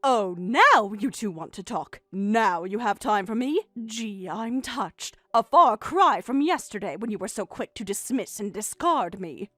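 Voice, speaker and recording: A woman's voice: mid-range voice, animated, a little slow, hardly any pauses, fairly bright tone, dry recording, clean studio sound, soft background music. A woman voicing a hurt middle-aged mother with biting sarcasm in a text-message story. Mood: bitter.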